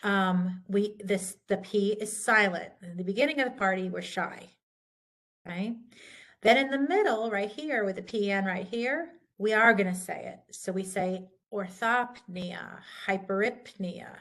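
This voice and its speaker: A woman's voice: medium pitch, fairly bright tone. A woman instructor giving a recorded lecture, patiently walking through pronunciation rules. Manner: patient, slow and deliberate, contrasting correct and wrong pronunciations.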